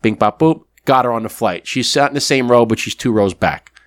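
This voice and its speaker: A man's voice: mid-range voice, brisk, no echo, studio quality. A man co-hosting a podcast, telling a story in casual chat and acting out both sides of a phone call. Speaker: podcast co-host.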